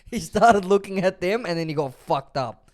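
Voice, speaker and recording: A man's voice: high-pitched, expressive, normal speed, a little mellow. A young Australian man chatting casually on a podcast, telling easygoing stories full of "bro" and "like". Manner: easygoing storyteller, peppers talk with "bro" and "like". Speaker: podcast co-host. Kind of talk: casual chat.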